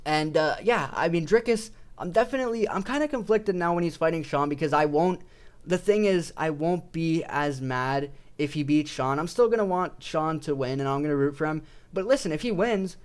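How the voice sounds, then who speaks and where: A man's voice: on the high side, expressive, moderate pace, clear, resonant tone. A young man talking casually into a desk mic as an MMA YouTuber, swearing freely, restarting sentences and often saying "but listen". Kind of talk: casual rambling commentary. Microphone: desk microphone.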